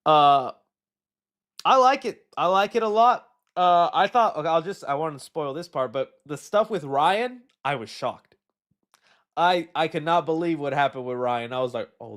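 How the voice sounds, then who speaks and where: A man hosting a casual live stream, answering chat questions in a rambling, jokey and animated way. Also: a little high, normal speed. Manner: rambling, animated, jokey, puts on silly voices.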